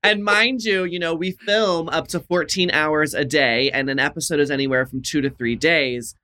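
A woman in casual conversation over a video call. Her voice is bright and her delivery is playful, full of exclamations and laughter. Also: low voice, normal speed. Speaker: drag performer guest. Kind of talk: casual chat.

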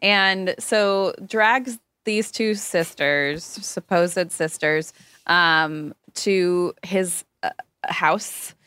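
A woman's voice: fairly low pitch, drawn-out words, bright, forceful tone, smooth, no room sound, soft background music. A woman casually summing up a novel's plot in a chat with friends, slipping into mocking voices for the characters.

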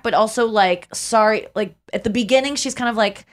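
A woman's voice: mid-range voice, normal speed. A woman hosting a podcast, chatting casually, rambling through lots of fillers and restarts and laughing easily. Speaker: podcast host. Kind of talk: casual chat.

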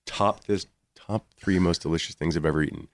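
A man in his forties, a guest chef talking in a relaxed, rambling way in a casual interview. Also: deep voice, brisk, dry recording.

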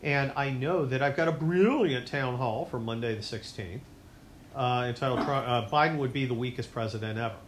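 A man's voice: mid-range voice, moderate pace, background noise. Sarcastic man ranting in an echoey room. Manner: sarcastic, mocking, swings between loud outbursts and mutters. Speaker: podcast host. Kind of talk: rambling political monologue.

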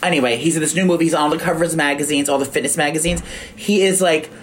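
A woman's voice: deep voice, quick pace, a little hiss or hum. A woman hosting a podcast, gushing and rambling in casual chat. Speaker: podcast host.

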